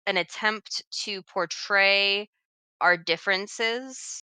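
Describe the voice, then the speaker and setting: A woman's voice: medium pitch, slow, sharp tone, clear, resonant tone, dry recording. A woman talking in a casual group chat about a tabletop campaign, explaining things earnestly and carefully. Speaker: dungeon master.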